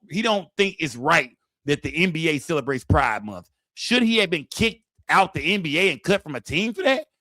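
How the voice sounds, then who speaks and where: Brief: male stream host, AAVE, rowdy and profane, bright forceful tone, dry close mic. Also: on the high side, no room sound. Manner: loud, rowdy, addresses chat directly. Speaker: livestream host. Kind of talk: profane live-stream commentary.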